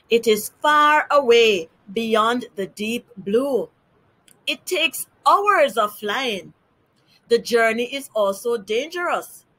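A woman's voice: fairly high pitch, fairly bright tone, full character voice. A woman voicing an impatient male parrot in a storybook reading, fretful and pressing.

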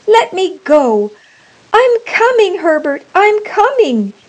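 A woman's voice: extremely high pitch, sing-song, slow pace, a little mellow, voice pushed up, full character voice, low-quality recording. A woman voicing a frantic old mother crying out desperately for her son in a read-aloud story. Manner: desperate, pleading cries.

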